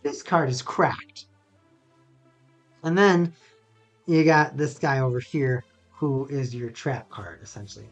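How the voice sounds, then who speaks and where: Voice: mid-range voice, slow pace, pauses often, faint music behind. A laid-back, sarcastic streamer from North America, chatting casually and rambling on a live stream.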